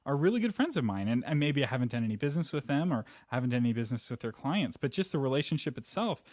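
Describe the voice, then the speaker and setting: Measured man hosting a podcast. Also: medium pitch, big pitch swings, a little mellow, dry recording, studio quality. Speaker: podcast host. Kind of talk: casual podcast chat.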